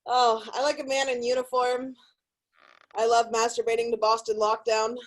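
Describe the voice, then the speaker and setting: Brash, foul-mouthed comedienne with a high voice. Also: female voice, flat delivery, normal speed, rough recording. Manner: brash, profane, self-deprecating. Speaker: stand-up comedian. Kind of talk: stand-up comedy set.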